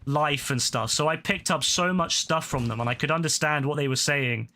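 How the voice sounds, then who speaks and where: Guy rambling on stream, kinda high and sharp sounding, swears a lot. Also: moderate pace. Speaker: gaming streamer. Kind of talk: casual chat while gaming.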